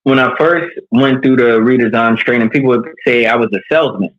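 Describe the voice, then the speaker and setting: A man from New York speaking as a leadership coach, earnest and animated as he opens up in a candid interview. His voice sits at a middle pitch for a man. The sound is a little dull and lo-fi. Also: fairly quick.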